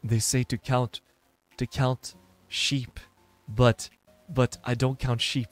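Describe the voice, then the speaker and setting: A man's voice: mid-range voice, flat delivery, takes it slowly, soft background music, natural voice. A man streaming as a teammate, playing a childish young man who stammers and repeats words. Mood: playful. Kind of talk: live-stream impression of a teammate.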